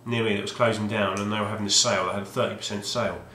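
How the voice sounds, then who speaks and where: A male video game collector vlogger with a fairly low pitch, also noted as mid-range, races through a level-toned, sharp monologue. He rambles casually, hesitant and wry, restarting often. Slight background noise accompanies the reverberant home recording.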